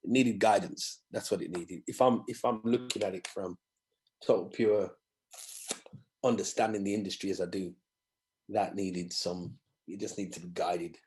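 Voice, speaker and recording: A man, a guest musician telling animated anecdotes in a podcast interview and acting out other people's voices. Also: sits low, normal speed. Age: 50s.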